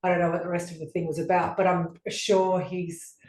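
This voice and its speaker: A woman's voice: lowish voice, level tone, brisk, a little mellow. A woman co-hosting a podcast, telling stories in casual chat with lots of fillers, sitting on a couch. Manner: chatty storyteller, rambling with many fillers. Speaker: podcast co-host. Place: living room couch. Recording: echoey room.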